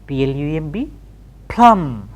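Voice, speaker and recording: A woman's voice: deep voice, sing-song, slow. A middle-aged woman teaching pronunciation, spelling words out letter by letter and repeating them carefully. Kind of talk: slow recorded classroom lesson.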